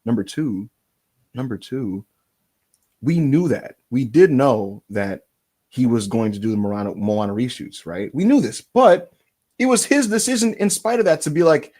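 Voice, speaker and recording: A man's voice: mid-range voice, moderate pace. A man co-hosting a wrestling podcast, ranting in a casual, profane and exaggerated way. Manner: animated, profane, exaggerated storytelling. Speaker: podcast co-host.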